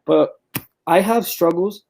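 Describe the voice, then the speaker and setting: Earnest young man, slightly high voice. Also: slow, gravelly, a little mellow, a little hiss or hum. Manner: earnest, enthusiastic, uses filler words like "like" and "um". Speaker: guest. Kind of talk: casual interview chat.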